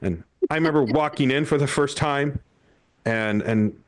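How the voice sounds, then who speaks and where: A man's voice: medium pitch, moderate pace. A young man doing a stand-up comedy set on a club stage, telling family stories with acted-out quotes and frequent laughter.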